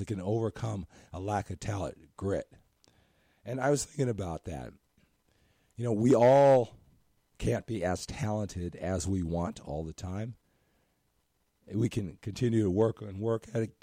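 A hoarse, scratchy-voiced man hosting a motivational podcast, talking earnestly in a rambling way and often asking "right?". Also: fairly low pitch, mellow, no room sound, clean studio sound. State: hoarse from talking too much. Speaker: podcast host and coach.

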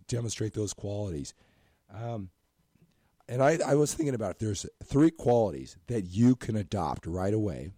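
A hoarse, scratchy-voiced man hosting a motivational podcast, talking earnestly in a rambling way and often asking "right?". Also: on the low side, mellow, no echo, clean studio sound. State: hoarse from talking too much. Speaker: podcast host and coach.

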